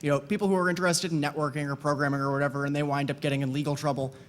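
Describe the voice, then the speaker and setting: A man speaking at a live conference talk in a hesitant, halting way, with many fillers. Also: on the high side, flat delivery, a little hiss or hum.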